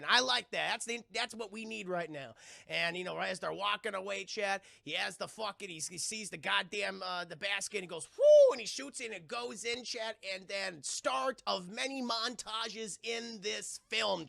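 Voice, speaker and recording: A man's voice: high voice, creaky, sharp tone, no room sound, clean studio sound. A man rambling through a film review on a live stream, swearing often and talking straight to his chat. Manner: rambling, profane, keeps addressing the chat. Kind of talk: casual live-stream commentary.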